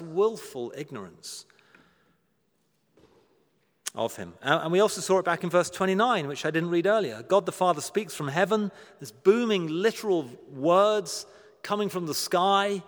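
A man's voice: on the high side, lively intonation. Earnest preacher man in a reverberant hall. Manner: earnest, emphatic, slows down to stress key words; asks rhetorical questions with a touch of dry humor. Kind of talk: sermon. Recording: long reverb of a large hall.

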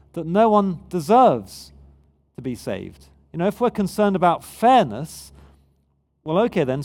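A man's voice: high-pitched, darkish tone. A man preaching a sermon in a conversational yet emphatic way. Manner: conversational, emphatic, with frequent restarts.

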